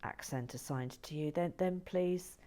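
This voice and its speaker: A woman hosting her channel in relaxed, playful chat, often dropping into whispered asides and stammering restarts. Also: low voice, a little slow. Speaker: channel host building and reviewing brick sets. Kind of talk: relaxed casual chat to viewers.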